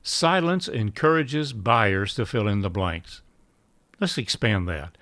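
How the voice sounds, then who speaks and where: A man giving a measured sales training talk, acting out short sample lines between buyer and seller. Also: fairly low pitch, sing-song, a bit bright, no room sound. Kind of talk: instructional talk.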